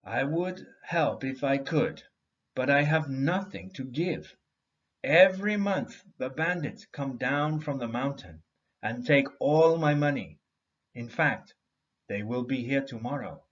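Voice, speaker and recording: A man voicing a gentle, weary old uncle in a read-aloud storybook. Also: medium pitch, lively intonation, slow pace, dull audio.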